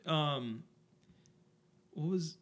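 Young male co-host, a bit drunk, loose and rambling, lightly high pitch. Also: drawn-out words. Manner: rambling, filler-heavy, jokey. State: tipsy. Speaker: podcast co-host. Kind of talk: casual chat.

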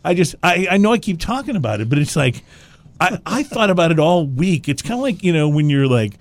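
A man's voice: a little high, sing-song, fairly quick. A man hosting a casual chat show, laughing often and restarting his sentences. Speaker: podcast host.

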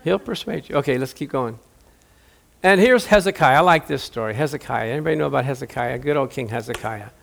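A middle-aged man preaching a sermon in a lively, joking way, acting out the voices of Bible figures. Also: medium pitch, fairly quick, gravelly. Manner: animated, jokey, acts out Bible voices.

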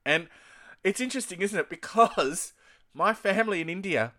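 A man's voice: high-pitched, lively intonation, moderate pace, pushed and bright. A man with an Australian accent hosting a conversational interview with an author, telling rambling anecdotes full of restarts and "you know"s.

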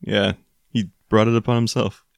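A man's voice: on the low side, little pitch movement, moderate pace, creaky, dry recording, clean studio sound. A man co-hosting a podcast, casually recapping a cartoon, laughing often and acting out characters in silly voices. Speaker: podcast co-host.

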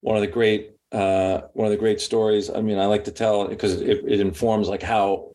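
A man's voice: on the low side, moderate pace. A middle-aged man, a sports media executive, telling a story in a casual interview and filling it with "like" and "you know". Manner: rambling, heavy on "like" and "you know", lively when quoting.

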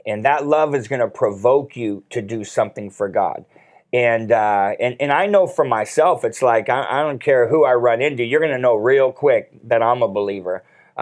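A man's voice: medium pitch, darkish tone. Man, mid-range voice, faith talk co-host, earnest storytelling with restarts. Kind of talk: faith talk show conversation.

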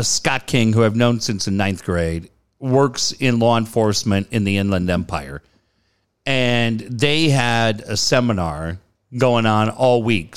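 Speaking in a clear, resonant, mid-range voice, a late-forties San Diego-area man recounts a story casually. He curses without restraint and imitates the voices of the characters.

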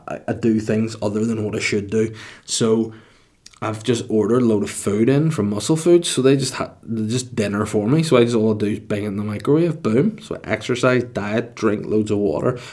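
A man hosting his own podcast alone, chatting casually and drifting from one aside to the next. He mocks himself and swears freely. His voice sits a little low. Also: moderate pace, a little mellow. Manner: rambling, self-mocking, swearing freely. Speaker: podcast host. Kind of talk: casual solo podcast monologue.

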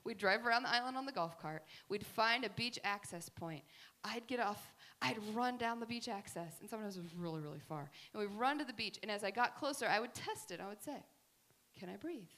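A woman giving a faith talk, telling family stories in an animated, chatty way with many fillers. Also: mid-range voice, a little fast. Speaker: speaker at a faith gathering.

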